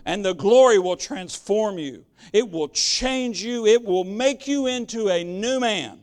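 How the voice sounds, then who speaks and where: A man's voice: sits high, expressive, a little slow, clear, resonant tone. A man preaching a sermon in a plain-spoken, direct and emphatic way, often repeating words as he searches for the next one.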